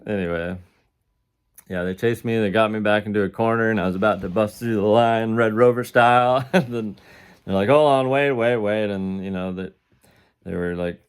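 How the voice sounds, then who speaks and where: A man with a fairly low voice tells his own story in a loose, casual way. He sounds indignant and chuckles between sentences. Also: steady tone, moderate pace, clean tone. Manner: indignant, laughs between lines, acts out the quoted officers in a raised voice. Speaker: defendant recounting his jail experience. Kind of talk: casual first-person storytelling.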